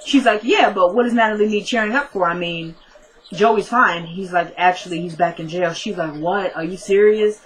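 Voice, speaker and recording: A woman's voice: lowish voice, moderate pace, a little hiss or hum, low-quality recording. A woman casually recapping a TV episode, retelling the dialogue in a chatty way. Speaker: TV recap vlogger.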